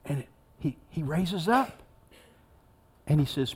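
A man's voice: on the high side, expressive, slow pace, husky. A man giving a sermon as a pastor, preaching in a conversational way and acting out the story with rising intensity.

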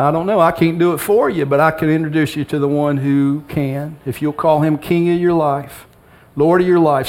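A middle-aged male pastor giving a sermon in a church, conversational and humorous, acting out bits of dialogue. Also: on the high side. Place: church sanctuary with congregation.

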